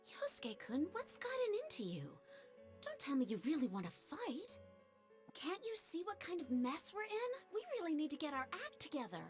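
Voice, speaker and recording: A woman's voice: sits high, very animated, moderate pace, faint music behind. A woman voicing an earnest, polite teenage girl in a video game, pleading and sincere. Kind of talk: game voice acting.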